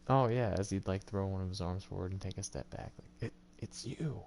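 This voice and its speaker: A man with a deep, mellow voice that has a gravelly rasp narrates a tabletop role-playing game as game master. His delivery is loose and casual, full of likes, you knows and small restarts. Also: fairly even intonation, brisk, a little hiss or hum.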